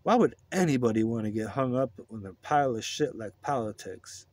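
A man voicing a crude, burned-out male drifter who is laid-back and profane, with a higher, loose drawl. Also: expressive, fairly quick, darkish tone, close to an everyday voice. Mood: scornful.

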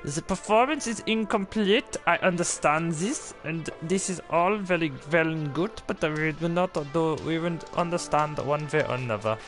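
A man voicing a bumbling, flustered male surgeon in a put-on German accent, loudly cursing and muddling through a game. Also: fairly high pitch, normal speed, few pauses, soft background music, lightly acted. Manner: loud, exasperated, swearing at objects. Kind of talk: gameplay commentary in character.

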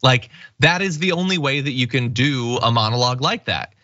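A man's voice: medium pitch, animated, a little fast, pushed and bright, no room sound, highs cut off. A man hosting a political commentary show, sarcastic and emphatic. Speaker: news commentary host.

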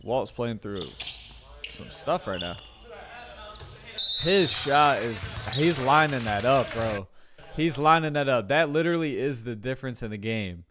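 A man giving casual, excited play-by-play commentary on a basketball game, full of slang. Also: mid-range voice, a little slow, background noise. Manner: excited, chatty, loose slang.

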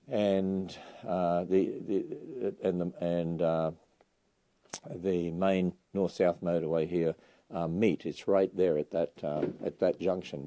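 Enthusiastic Australian man with a very deep voice. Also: dark tone. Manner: enthusiastic, chatty, lots of uh fillers. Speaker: ministry leader giving a livestream tour. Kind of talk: casual livestream chat. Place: bookstore indoors.

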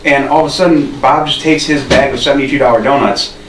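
A man's voice: mid-range voice, steady tone, quick pace. Man telling a rambling story, distant mic. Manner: rambling, laughing storyteller with restarts. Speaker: podcast co-host. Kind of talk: casual storytelling. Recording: roomy, distant mic with faint noise.

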